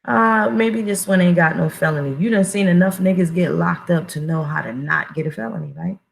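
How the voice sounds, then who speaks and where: Gravelly, profane woman. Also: on the low side, brisk, poor audio. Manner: blunt, profane and emphatic, with restarts. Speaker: online commentator. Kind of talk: profane casual monologue.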